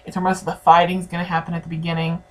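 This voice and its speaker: A woman's voice: on the low side, completely flat delivery, rapid-fire, a bit bright. Woman teaching a history lesson. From United States. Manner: conversational, speaks directly to her students. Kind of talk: recorded classroom lecture.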